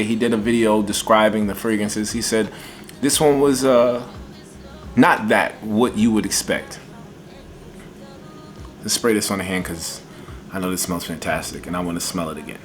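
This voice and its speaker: Man, lowish voice, excitable, folksy, casual review vlog, soft music underneath. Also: normal speed, long pauses. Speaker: fragrance reviewer.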